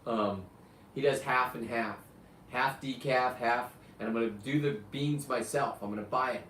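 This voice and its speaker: A man's voice: medium pitch, normal speed, a bit bright, a little hiss or hum. A man in his fifties hosting a live show, talking bluntly in a rambling, profane way. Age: 50s. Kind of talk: rambling live-stream chat. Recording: roomy, distant mic, faint ambience.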